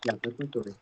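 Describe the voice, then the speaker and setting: Rambling drag performer telling stories. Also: male voice, medium pitch. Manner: rambling, animated, acts out quoted voices loudly. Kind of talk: casual storytelling on a livestream. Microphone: video call. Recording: dull lo-fi sound with clear background noise.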